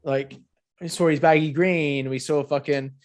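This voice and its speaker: A man's voice: fairly high pitch, fairly even intonation, normal speed. A man co-hosting a casual podcast chat, rambling and sweary with lots of filler words. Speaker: podcast co-host. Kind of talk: casual chat over beers.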